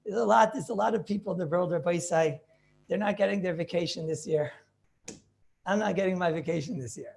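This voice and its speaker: Gravelly-voiced rabbi, emphatic and repetitive. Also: male voice, sits high, brisk, darkish tone. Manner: emphatic, repetitive preaching with rhetorical questions. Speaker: rabbi teaching a class. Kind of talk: informal Torah class over video call. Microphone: video call.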